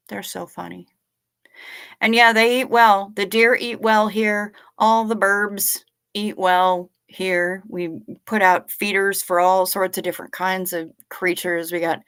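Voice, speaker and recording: A woman's voice: mid-range voice, a bit bright, clear, resonant tone. A woman hosting a live stream, chatting casually in a joking, profane way while reading viewer comments. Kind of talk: casual chat.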